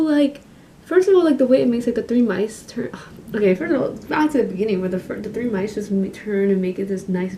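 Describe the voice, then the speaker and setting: Doing her makeup on camera, a young vlogger talks in a soft, slightly mumbled way, filling her speech with fillers. She speaks at a medium pitch in a casual chat.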